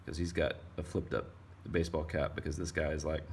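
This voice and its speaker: A man's voice: rumbling low, flat delivery, a little fast, a little hiss or hum. A man from Texas giving a casual drawing lesson for kids, rambling and playful as he goes. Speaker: art teacher.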